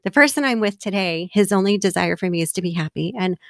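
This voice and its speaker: A woman telling personal stories in a relaxed conversation, laughing often and acting out bits of dialogue as she reflects. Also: medium pitch, quick pace, no echo, clean studio sound. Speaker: guest.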